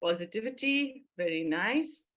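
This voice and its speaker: A woman's voice: mid-range voice, expressive, unhurried, a bit bright. A woman leading an online mindfulness workshop for teachers, upbeat and encouraging, with lots of praise for her audience.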